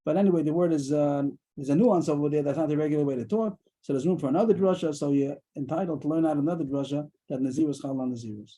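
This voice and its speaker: A man teaching a daily Talmud class over a video call, explaining quickly and mixing in Aramaic terms. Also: on the high side, mellow, poor audio.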